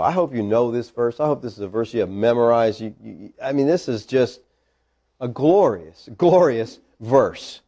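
A man preaching a sermon, teaching from the Bible with emphatic, animated delivery. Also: medium pitch, moderate pace.

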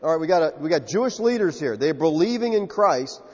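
A Southern man delivers an emphatic sermon, jumping into character for the quotes he tells. His voice sits high and breathy. The sound is a little muffled and carries a long hall echo. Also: expressive, a little fast, a little mellow. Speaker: pastor.

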